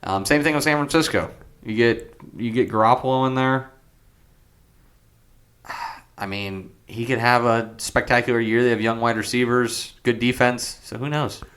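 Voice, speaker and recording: A man's voice: mid-range voice, normal speed, a bit bright. A man co-hosting a sports podcast, talking in a casual, rambling way with frequent hesitations. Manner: rambling, hesitant, many ums. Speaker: podcast co-host.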